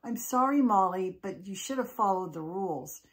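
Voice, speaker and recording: A woman voicing a pair of kindly witch sisters who scold gently. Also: medium pitch, animated, normal speed, lightly acted. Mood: apologetic.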